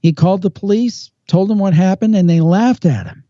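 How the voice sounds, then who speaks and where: Dark-voiced man telling a spooky tale. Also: sits high, no room sound. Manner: measured storyteller with slow dramatic pauses. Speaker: paranormal podcast guest host. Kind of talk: storytelling on a podcast. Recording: dull lo-fi sound, dry.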